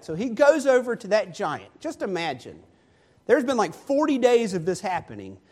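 A male preacher delivers a sermon, retelling a story with lively, animated emphasis. His voice sits notably high for a man.

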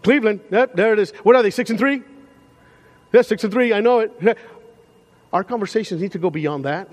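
High-voiced male pastor preaching in a hall. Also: a little fast. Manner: animated, conversational preaching with repeated restarts. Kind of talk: sermon. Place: church sanctuary.

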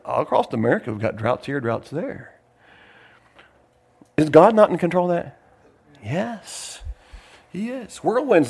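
Older man, pastor, fairly high voice, folksy sermon, rambling asides. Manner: folksy, digressive, laughs while preaching.

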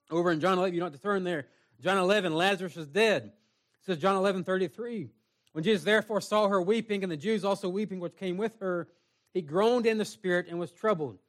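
A man with a notably high voice preaches an earnest sermon to a small church congregation. He moves between plain talk and reading scripture in old-fashioned wording. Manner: earnest preaching, reads scripture aloud in King James wording. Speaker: pastor.

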